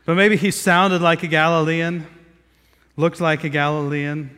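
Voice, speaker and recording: A man's voice: on the high side, little pitch movement, measured pace, fairly bright tone, clean tone, in a large hall. A man from Southeast Ohio preaching a sermon in a conversational way, with many fillers and restarts, gathered outdoors in a square.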